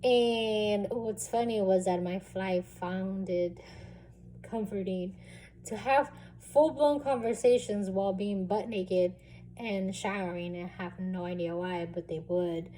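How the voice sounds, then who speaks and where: Slow, candid young woman vlogging. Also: medium pitch, a little hiss or hum. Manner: candid, relaxed, lots of fillers and some swearing. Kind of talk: casual storytelling vlog.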